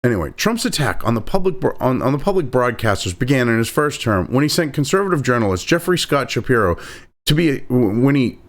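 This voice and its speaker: A man's voice: mid-range voice, sing-song, brisk. A man hosting a heated, profane political commentary, talking sarcastically and swearing constantly.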